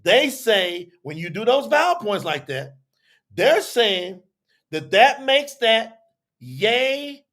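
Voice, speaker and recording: A man with a high voice and a bright, sharp tone, teaching a live audience. He talks in a loose, chatty way and acts out both sides of an argument. He circles back and repeats his points as he explains. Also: very animated. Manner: repetitive, drawn-out explaining. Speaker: teacher on a religious telethon.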